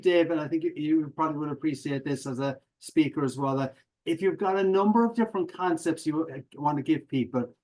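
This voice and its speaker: A middle-aged Irish man, a professional speaker, telling stories as a podcast guest in a lively, joking way. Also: a little high, low-quality recording. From Ireland. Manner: animated, jokey, acts out audience reactions. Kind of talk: conversational interview, storytelling.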